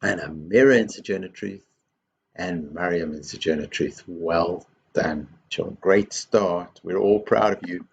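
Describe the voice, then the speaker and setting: A man leading a school assembly for young children, slow and encouraging, guiding actions and chants. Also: sits low, vocal fry, dull audio, a little hiss or hum. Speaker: headteacher. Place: school office.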